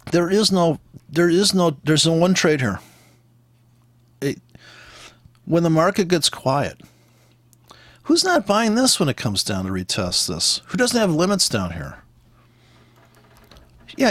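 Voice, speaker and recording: A forex trader teaching his method walks through charts with blunt, exasperated, profane commentary. His voice is a little high and somewhat bright, with no echo.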